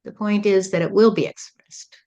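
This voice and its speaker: Woman medium, channeled spiritual teaching, steady sermon-like delivery, muffled lo-fi sound. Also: medium pitch, moderate pace. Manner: calm, repetitive, sermon-like, often adds "you see".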